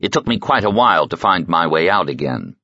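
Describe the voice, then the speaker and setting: A man's voice: low-pitched, big pitch swings, fairly quick, bright, forceful tone, dry recording, full character voice. A man voicing a courteous, stranded man in an audiobook, addressing an older woman politely. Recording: slightly muffled dry audiobook recording.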